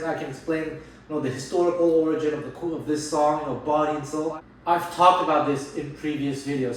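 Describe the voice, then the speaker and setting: A man's voice: a little high, slight background noise. Emphatic man in a roomy echo. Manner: animated, emphatic, restarts mid-sentence. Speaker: jazz guitar teacher and channel host. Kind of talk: casual talk on music teaching. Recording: roomy echo, distant mic, faint ambience.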